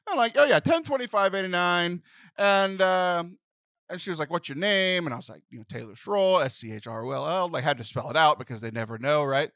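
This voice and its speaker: A man in his thirties hosts a comedy podcast, spinning an exasperated story with lots of laughter. His voice sits high and lively, bright and forward. The sound is close and dry. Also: brisk, no room sound. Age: 30s. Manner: animated, laughing, acts out phone voices in exasperated bursts. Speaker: podcast host.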